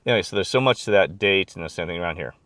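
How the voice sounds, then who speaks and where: A middle-aged man chatting casually to camera, rambling and excitable with lots of fillers and restarts. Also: deep voice, racing, no echo. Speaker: video blogger. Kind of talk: casual chat.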